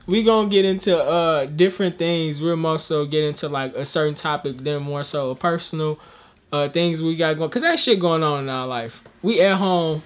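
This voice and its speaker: A man's voice: on the high side, moderate pace, clear, resonant tone. A young man with a Chicago accent co-hosting a podcast, talking in a slangy, profane way and laughing often. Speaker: podcast co-host. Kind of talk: casual chat.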